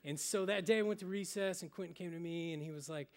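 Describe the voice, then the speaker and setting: A young adult male pastor preaching a sermon, telling stories and dropping to a soft, hushed voice for emphasis. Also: on the high side, fast. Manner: storytelling, with sudden drops to soft, hushed emphasis.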